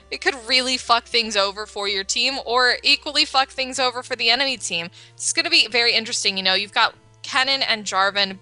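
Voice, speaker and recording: A woman casting a live esports match with confident, quick analysis and a joking edge. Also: mid-range voice, bright, forceful tone. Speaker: esports caster.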